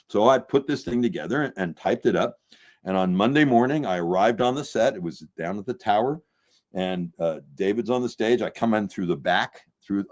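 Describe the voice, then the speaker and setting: An older man, a filmmaker and musician, telling a long anecdote in an interview and acting out the people he quotes. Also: fairly low pitch. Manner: animated storyteller acting out quoted voices. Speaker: filmmaker guest.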